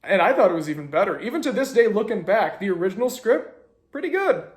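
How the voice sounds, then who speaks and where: Young guy host telling a story, fairly high voice, lively and sarcastic. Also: fast, roomy sound. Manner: animated, sarcastic asides. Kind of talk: casual storytelling narration.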